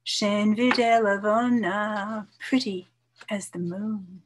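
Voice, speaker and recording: Older woman reading poetry, measured. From New York, USA. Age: 70s. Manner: measured, expressive reading, soft voice dropping low on some lines. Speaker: poet. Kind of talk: poetry reading with casual asides.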